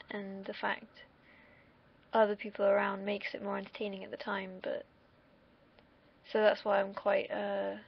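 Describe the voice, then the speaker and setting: A woman's voice: medium pitch, vocal fry, breathy edge. A young woman from the United Kingdom, rambling candidly in a casual solo livestream and swearing freely. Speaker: streamer. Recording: dull lo-fi mic.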